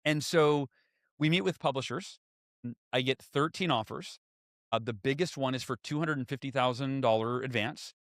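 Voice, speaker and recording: A man in his forties telling stories as a podcast guest and author, lively and acting out what others said. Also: mid-range voice, normal speed, no room sound, studio quality. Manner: animated, acts out quoted voices. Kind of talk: storytelling in conversation.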